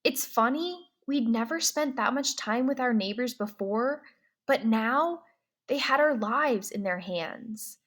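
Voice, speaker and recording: Woman reader, slow, high and bright, pauses for comprehension questions. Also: expressive. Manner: slow and clear, first-person storytelling. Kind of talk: reading a novel aloud with comprehension questions.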